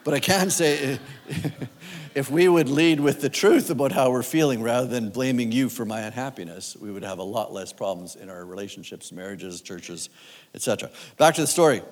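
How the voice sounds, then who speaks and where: A man's voice: mid-range voice, moderate pace, in a large hall. A man preaching a sermon as guest speaker, talking conversationally and asking his listeners questions. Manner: conversational, asks the audience questions.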